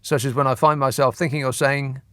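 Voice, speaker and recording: A man's voice: medium pitch, fairly even intonation, brisk, a bit bright, no room sound. A man hosting a radio phone-in, talking in a dry, sardonic way. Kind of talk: late-night radio talk.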